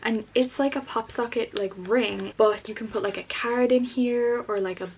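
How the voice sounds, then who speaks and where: A woman's voice: a little high, moderate pace, rough recording. Gushing young woman with background hiss. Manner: gushing, excitable, many "like" fillers. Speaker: book vlogger. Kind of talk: casual unboxing chat.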